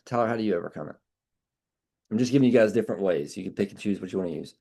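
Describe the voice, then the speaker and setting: Brash, low-voiced sales trainer man. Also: rapid-fire, gravelly. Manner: brash, animated, swears casually. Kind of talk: team training call.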